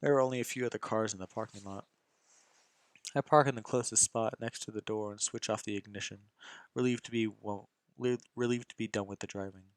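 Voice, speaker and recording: Low-voiced young man reading a story. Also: steady tone, a little fast, clear, resonant tone, no echo. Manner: casual, stumbling reading with restarts. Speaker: narrator. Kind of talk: amateur visual novel reading.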